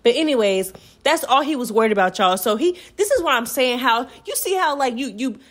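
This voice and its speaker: A young adult woman recapping a movie for her channel in a chatty, animated way, acting out the characters' lines as she goes. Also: fairly high pitch, brisk. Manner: chatty, animated storytelling with acted-out quotes.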